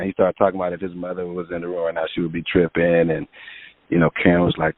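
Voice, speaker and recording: A man's voice: low-pitched, monotone, fast talker, dry recording. A man, a music producer guest, telling long casual stories in an interview with many fillers. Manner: rambling anecdotes with many fillers. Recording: tinny phone-line sound.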